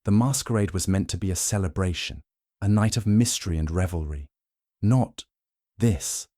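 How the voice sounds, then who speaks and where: A man's voice: low voice, normal speed, mellow, no room sound, studio quality. A man voicing an evasive, defensive aristocratic male host with polite assurances in an audiobook. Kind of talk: audiobook narration.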